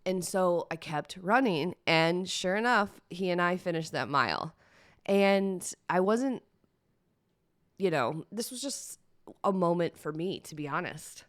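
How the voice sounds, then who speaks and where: A woman's voice: fairly low pitch, lively intonation, unhurried, no room sound, studio quality. A woman hosting a personal solo podcast, talking candidly and chattily, teary-eyed at times. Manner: candid, emotional, chatty with fillers. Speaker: podcast host.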